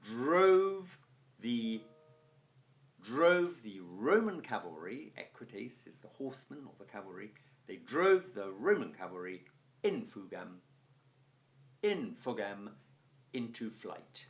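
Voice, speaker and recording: Slow, lively-voiced male teacher. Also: lowish voice. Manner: reads Latin aloud, then translates it slowly phrase by phrase; chatty asides with gentle humour. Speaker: Latin teacher. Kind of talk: recorded language lesson, translating line by line.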